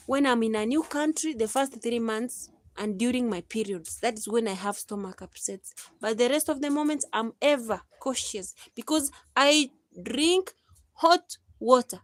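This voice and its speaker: A woman's voice: fairly high pitch, dry recording, studio quality. A Kenyan woman in her thirties chatting casually on her live stream, laughing often and slipping into preachy advice.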